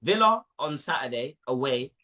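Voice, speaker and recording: A man's voice: medium pitch, expressive, moderate pace, pushed and bright. A young man, ranting animatedly in casual football chat on a panel show.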